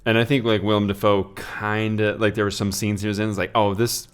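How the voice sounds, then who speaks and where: A man's voice: lowish voice, level tone, fairly quick, clean tone. A man co-hosting a podcast, chatting casually about a film and often hesitating to find his words. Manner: hesitant, searching for words, many fillers. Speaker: podcast co-host.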